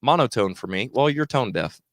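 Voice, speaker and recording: Brief: easygoing male podcast host, animated delivery, dry sound. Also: mid-range voice, moderate pace, no room sound. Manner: laid-back, chatty, lots of ums. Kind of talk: casual chat.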